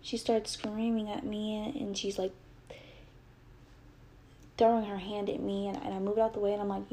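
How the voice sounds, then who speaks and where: Brief: young woman, gravelly voice, earnest storytime, faint room hum. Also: mid-range voice, little pitch movement, moderate pace, long pauses, warm tone. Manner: earnest, heated retelling with quoted dialogue. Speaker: mother telling a personal story. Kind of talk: emotional personal storytime.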